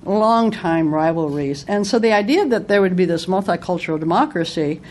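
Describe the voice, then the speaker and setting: A woman's voice: on the low side, animated, normal speed, darkish tone. A woman giving a casual spoken book review, retelling its anecdotes in a conversational way.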